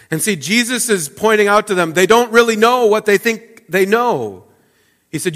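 A man preaching a sermon in a relaxed, conversational way, with restarts and explanatory asides. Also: high-pitched, moderate pace, long reverb tail. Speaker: pastor. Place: church sanctuary.

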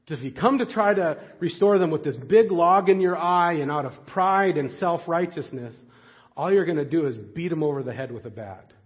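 A man preaching a sermon in a conversational, animated way, with frequent fillers and restarts. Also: on the high side, fairly quick, dull audio. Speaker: pastor.

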